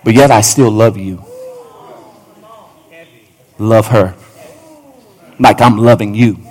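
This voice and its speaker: A man's voice: lowish voice, steady tone, slow, darkish tone, breathy edge. A male pastor preaching a fervent sermon in a church, repeating phrases and talking straight to the congregation. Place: church sanctuary.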